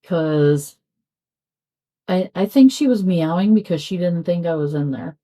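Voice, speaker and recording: Mellow low-voiced woman chatting casually. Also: animated, unhurried. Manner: rambling, chatty, trails off mid-sentence. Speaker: crafting vlogger. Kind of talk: casual chat while diamond painting. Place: at home.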